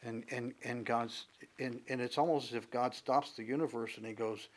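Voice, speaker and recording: A man preaching an expository sermon, talking through scripture in a conversational, halting way with many fillers and restarts. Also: medium pitch, steady tone. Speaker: pastor.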